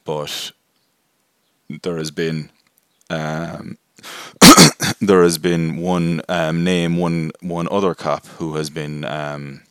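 Very deep-voiced man reviewing films. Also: level tone, extremely slow, fairly bright tone, clear, resonant tone, no room sound, clean studio sound. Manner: rambling, self-deprecating, many fillers. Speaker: film review podcast host. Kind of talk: casual spoken movie review.

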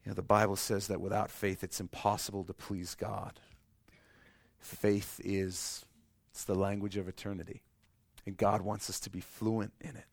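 A man preaching a sermon with passion, repeating his phrases, swinging from loud to hushed and acting out voices in his story. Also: on the low side, little pitch movement, normal speed, vocal fry, no echo. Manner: repeats phrases, acts out voices of God and people. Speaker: pastor.

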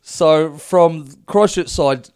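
A man's voice: on the high side, takes it slowly, a little mellow, clear, resonant tone. A New Zealand man co-hosting a casual podcast, telling a rowdy story with heavy swearing and laughter. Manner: rowdy storyteller who swears heavily and laughs through his stories. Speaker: podcast co-host. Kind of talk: casual chat.

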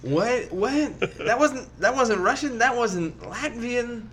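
A man's voice: extremely high pitch, animated, slow pace, fairly bright tone, slight background noise. A man co-hosting a casual beer review show, emphatic and teasing. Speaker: podcast co-host. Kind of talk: casual chat.

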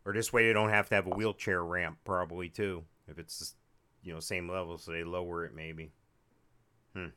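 A man's voice: low-pitched, little pitch movement, moderate pace, pushed and bright, smooth. A man co-hosting a casual podcast chat, joking and wry, rambling through restarts. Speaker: podcast co-host.

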